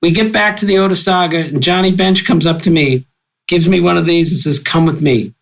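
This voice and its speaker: A man in his sixties, a sportswriter guest on a podcast, telling stories in an animated, exuberant way with big jumps in pitch. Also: a little fast, gravelly, low-quality recording. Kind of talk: storytelling interview.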